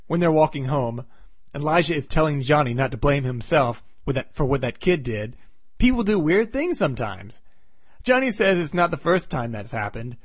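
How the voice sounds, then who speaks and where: A man with a fairly high voice reviews an old comic, recapping the plot dryly and dropping sarcastic jabs along the way. The sound is dead dry and close. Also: breathy edge, dry recording. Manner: wry, sarcastic asides.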